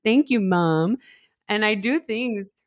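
Speaking slowly and expressively at a medium pitch, a young woman from West Texas chats through a personal story, leaning heavily on "like" and performing other people's lines. There's no echo, though the recording sounds muffled.

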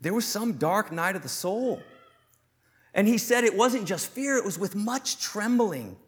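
A man's voice: sits high, expressive. Earnest male pastor preaching a sermon. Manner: earnest, questioning, shifts between slow emphasis and quick asides.

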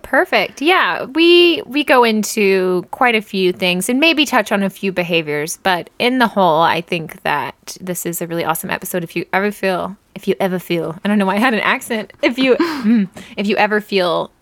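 A woman's voice: medium pitch, lively intonation, moderate pace, hardly any pauses, fairly bright tone, no echo. A woman in her thirties co-hosting a podcast in casual chat, bubbly and rambling with frequent giggles. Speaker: podcast co-host.

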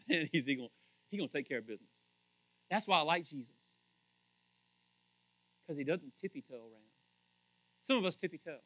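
A pastor delivers a sermon in a high, lively voice that's bright and forceful, swinging animatedly from near-whispered, hushed asides to loud shouting calls. He speaks briskly, pauses often, and keeps putting pointed questions straight to his congregation. The sound is dry and close, with no echo.

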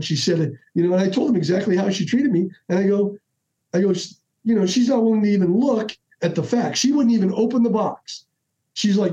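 A middle-aged man tells his stories on a podcast with a high, mellow voice. He acts out each exchange with restarts and asides, and the audio is dull and lo-fi. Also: a little fast. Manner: animated, acts out dialogue with restarts. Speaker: podcast guest. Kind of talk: casual storytelling.

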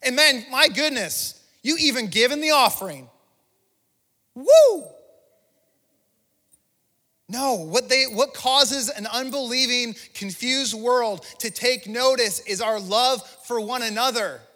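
A man's voice: very high-pitched, measured pace, hardly any pauses, pushed and bright, big-room sound. A male pastor giving an impassioned, conversational sermon, restarting phrases as he preaches in a church. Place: church sanctuary.

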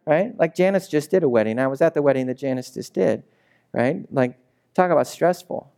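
A man's voice: a little high, animated, fairly quick, vocal fry, warm tone. A man preaching a casual, chatty sermon, telling stories and asking the congregation questions. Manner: storytelling, chatty, asks the room rhetorical questions. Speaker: pastor.

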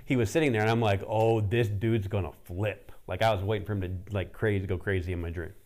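A man preaching, telling a story in a casual, animated way with lots of fillers. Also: low voice, rapid-fire. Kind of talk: sermon storytelling.

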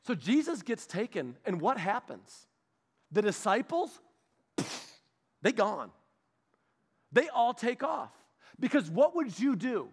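Animated, high-voiced male preacher. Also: slow, long pauses, breathy edge. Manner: animated, playful, laughs at his own asides. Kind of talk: animated sermon storytelling.

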